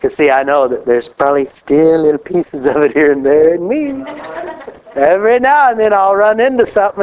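A man preaching a sermon in a folksy, animated way, laughing often and rising on exclamations. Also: a little high. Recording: dull lo-fi recording.

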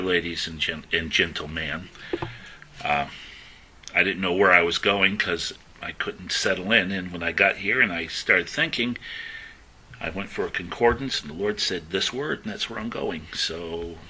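A man's voice: deep voice, bright, forceful tone, slight background noise, poor audio. A middle-aged man giving an informal sermon, talking conversationally and stressing words as he reads scripture aloud. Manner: conversational, self-interrupting, stresses words when reading scripture. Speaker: lay preacher.

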